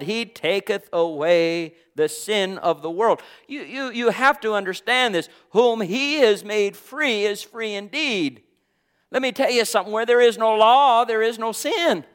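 A man preaching a fervent sermon in a rhythmic, repetitive cadence, peppering his lines with praise and swinging from loud declarations to hushed, near-whispered words. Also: sits high, clean tone.

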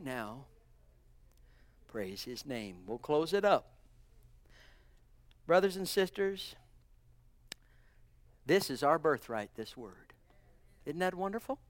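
A middle-aged man preaching a sermon, going from loud exclamations to hushed near-whispers, and slowing down low for scripture quotes. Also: no echo.

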